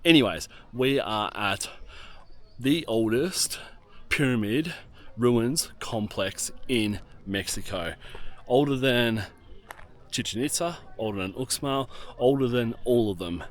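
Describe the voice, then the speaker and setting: A man giving an enthusiastic walking-tour vlog outdoors at an archaeological site. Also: on the low side. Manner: enthusiastic, exclaims often. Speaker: travel vlogger.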